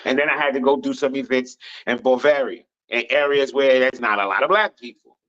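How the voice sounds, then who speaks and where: An American man on a podcast panel, telling stories in a loud, animated voice and swearing a lot. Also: medium pitch, a little fast. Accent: American English. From United States. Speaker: panel guest. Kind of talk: casual storytelling on a podcast panel. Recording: dull lo-fi remote audio.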